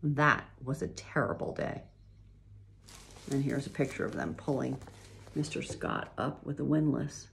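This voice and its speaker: A woman reading a children's chapter book aloud, gently pausing to show pictures. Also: rumbling low, gravelly. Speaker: reader.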